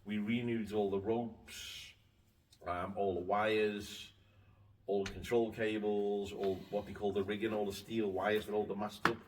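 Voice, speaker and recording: A man's voice: fairly low pitch, flat delivery, a little slow. A man chatting casually and telling stories about his boat, swearing now and then. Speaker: boat owner and show regular. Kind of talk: casual chat. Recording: distant mic with faint noise.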